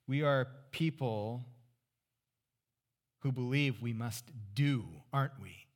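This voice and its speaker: Conversational preacher with hushed low moments. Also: male voice, takes it slowly, pauses often. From California Central Valley. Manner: conversational, rhetorical questions, drops to near-whisper for emphasis. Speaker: pastor. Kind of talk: sermon.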